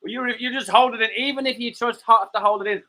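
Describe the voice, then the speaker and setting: A man's voice: very high voice, fairly even intonation, fast, bright, forceful tone, poor audio. A man co-hosting a livestream, rambling and joking, swearing freely and greeting viewers in the chat. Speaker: co-host of a livestream show. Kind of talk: casual chat.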